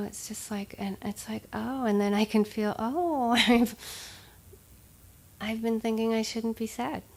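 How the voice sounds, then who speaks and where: A woman's voice: medium pitch, a little hiss or hum. Woman teaching meditation, conversational. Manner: conversational, with frequent fillers and soft laughs. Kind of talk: dharma talk.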